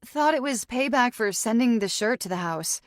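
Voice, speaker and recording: A woman's voice: fairly high pitch, animated, moderate pace, no room sound, clean studio sound, voice pushed up, natural voice. A woman voicing a worried woman relaying news over the phone. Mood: tense.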